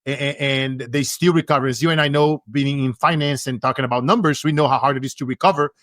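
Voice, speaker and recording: A man's voice: medium pitch, fairly even intonation, fast, fairly bright tone, no echo, clean studio sound. A man from Brazil, hosting a podcast interview in an affirming, reflective way. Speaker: podcast host. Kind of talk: conversational interview.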